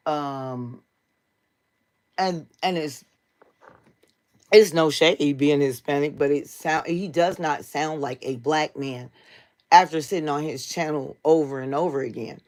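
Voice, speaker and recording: A woman's voice: sits low, a little mellow. An American woman hosting a casual livestream, talking straight to her viewers in a blunt, heated and profane way. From United States. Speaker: livestream host.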